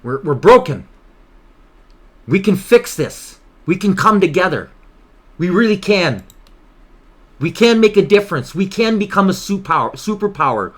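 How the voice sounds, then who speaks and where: A man's voice: high voice, big pitch swings, normal speed, pauses often, a bit bright. A man from Canada hosting his own political vlog, worked up and emotional, talking in an agitated, impassioned way and repeating himself. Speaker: political vlogger host.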